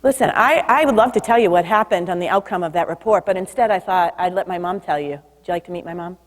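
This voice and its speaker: A woman giving an energetic public talk about body language, leading the audience to repeat after her. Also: lowish voice, fast talker. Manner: lively, leads audience call-and-response. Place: stage in a large hall. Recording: long hall reverb.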